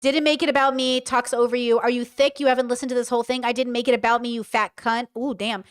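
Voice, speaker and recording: A woman's voice: a little high, steady tone, fast, smooth, no room sound, studio quality. Woman reacting bluntly on stream. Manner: reads out text messages, reacts bluntly. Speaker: commentary streamer. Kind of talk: casual reaction commentary.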